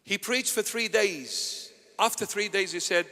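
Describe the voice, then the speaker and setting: High-voiced male preacher in a reverberant church. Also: unhurried. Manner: animated storyteller acting out voices. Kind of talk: storytelling sermon.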